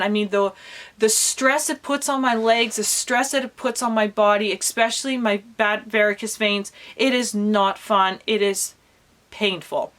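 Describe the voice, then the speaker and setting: In her personal vlog, a roughly forty-year-old woman who homesteads speaks unhurriedly in a steady, mid-range voice with a fairly bright tone. She's open and talkative, leaning heavily on fillers like "you know" and "like."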